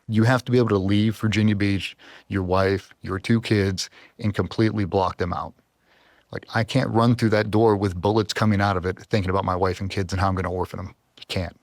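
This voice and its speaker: Emotional man, low dry voice. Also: fairly even intonation, brisk, no echo. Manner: earnest, emotional, trying not to cry. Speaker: podcast guest, former Navy SEAL. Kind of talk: emotional interview storytelling.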